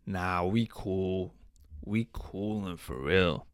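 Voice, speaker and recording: A man's voice: low voice, slow, smooth, dry recording, studio quality. A young man hosting a casual solo podcast, telling stories in profane slang and laughing often. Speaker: podcast host.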